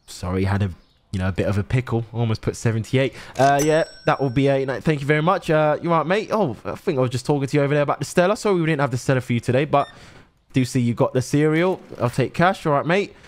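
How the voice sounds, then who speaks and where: A man's voice: medium pitch, lightly acted. A young man playing a friendly shopkeeper who calls out prices and serves customers. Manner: brisk, friendly shop-worker patter. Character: cheery male shopkeeper touting and serving at a till.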